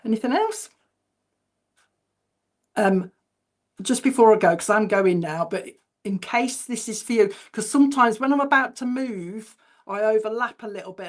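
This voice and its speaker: A woman, a spiritualist medium giving clairvoyant messages at a church service in a chatty, informal way. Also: medium pitch. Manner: chatty and informal, relays messages by repeating them slowly.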